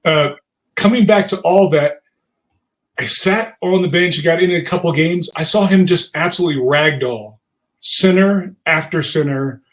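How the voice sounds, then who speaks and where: Man, podcast co-host, former pro basketball player, rambling questions, fairly high voice. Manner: conversational, rambling questions with restarts. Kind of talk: interview chat.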